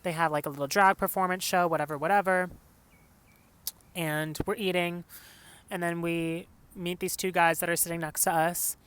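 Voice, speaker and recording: A man's voice: on the high side, level tone, moderate pace, a bit bright, clear, resonant tone. A young man from Los Angeles telling a personal story on his podcast, casual and full of "like" and "you know". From Los Angeles, California. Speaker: podcast host.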